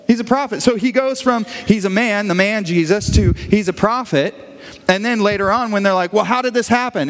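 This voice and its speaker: A male pastor preaching a conversational sermon, animated and telling stories, acting out the voices of the people in them. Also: high-pitched. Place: church sanctuary. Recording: long hall reverb.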